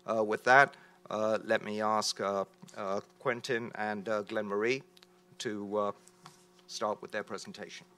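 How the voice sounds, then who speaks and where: A man's voice: lowish voice, level tone, pushed and bright, a little hiss or hum. A man hosting a policy event, introducing speakers with many hesitations and filler sounds. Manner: halting, many filler uhs. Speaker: event host. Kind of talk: introducing a panel.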